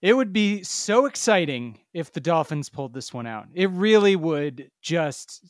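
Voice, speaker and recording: A man's voice: fairly high pitch, big pitch swings, unhurried, no echo, clean studio sound. A man co-hosting a casual sports podcast, emphatic and mocking, swearing freely. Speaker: podcast co-host.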